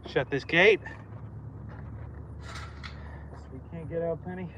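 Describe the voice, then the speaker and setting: A man's voice: on the high side, slow pace, lo-fi sound, very noisy. A man in his thirties chatting casually outdoors while fixing a fence, rambling and telling corny jokes between chores, recorded on a phone. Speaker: livestreaming farmer.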